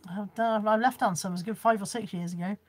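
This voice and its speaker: Chatty husky woman vlogger. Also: medium pitch, steady tone, fast talker. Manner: chatty, reads viewer comments aloud, laughs often. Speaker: vlogger showing a car boot haul. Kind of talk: casual live-stream chat.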